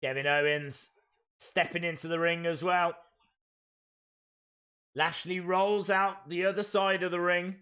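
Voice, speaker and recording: A man with a high voice hosts a live watch-along stream. He reacts excitedly as things happen and calls out each move. His tone is bright and sharp. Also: measured pace, pauses often, smooth.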